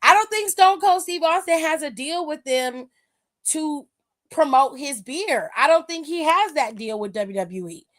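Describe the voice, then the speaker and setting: A woman's voice: sits high, expressive, measured pace, a bit bright. A woman hosting a wrestling aftershow, giving casual, emphatic, profane live-stream commentary and reading viewer comments aloud.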